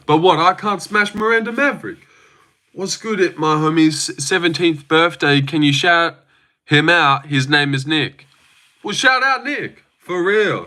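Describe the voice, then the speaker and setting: A man's voice: mid-range voice, sharp tone. A young Australian man hosting a livestream, chatting casually, joking and swearing as he reads out viewer comments. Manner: laid-back, joking, profane. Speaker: livestream host. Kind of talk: casual live chat reading comments.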